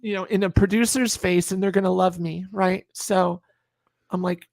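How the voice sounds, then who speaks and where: Gravelly woman in her 50s from upstate new york spinning a salty story, dry close sound. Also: on the low side, normal speed, no room sound. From Sullivan County, New York, USA. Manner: animated, salty storyteller, acts out other people's lines. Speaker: guest. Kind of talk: anecdotal storytelling in a video chat.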